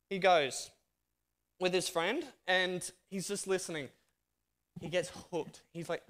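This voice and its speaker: Australian male speaker, slightly high voice, lively sermon storyteller who acts out dialogue. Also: fairly quick. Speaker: guest speaker.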